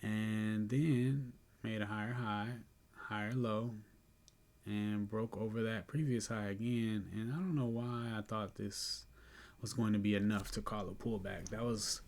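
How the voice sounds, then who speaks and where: A sleepy, yawning man casually talking through his day trades, relaxed and chatty, thinking aloud with fillers and soft laughs. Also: lowish voice, a little slow. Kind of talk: casual screen-recorded trade review.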